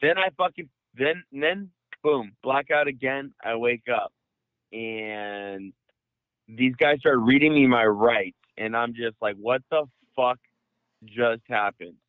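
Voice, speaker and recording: A young man from the Bay Area telling a long profane story on a podcast, rambling and animated. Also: medium pitch, takes it slowly, no echo. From San Francisco Bay Area. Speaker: podcast host. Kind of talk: casual storytelling. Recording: dry, phone-like audio.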